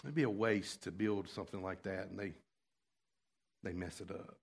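A man preaching a sermon, dropping to quiet asides and then rising to loud, fervent passages. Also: low-pitched, normal speed, creaky, slightly rough. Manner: swings from hushed asides to loud impassioned preaching.

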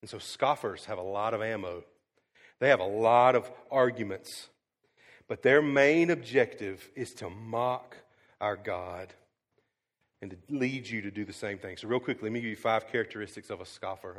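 A male pastor delivering a sermon, telling stories with sudden swings from hushed to loud and scattering fillers like um. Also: lowish voice, normal speed, in a large hall. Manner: frequent "um" fillers and restarts.

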